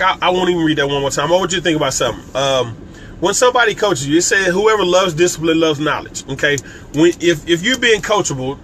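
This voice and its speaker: Emphatic high-voiced male business coach. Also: fairly bright tone, a little hiss or hum. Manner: emphatic and repetitive, addressing viewers directly; casual and conversational, with frequent restarts. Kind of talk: live-streamed motivational talk.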